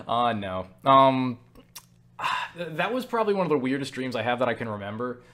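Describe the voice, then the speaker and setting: With a mid-range, slightly bright voice, this young channel host speaks a bit slowly and pauses often, yet stays animated. Answering viewer questions into a webcam mic, he rambles through stories full of "like" and "you know," swearing casually and making fun of himself.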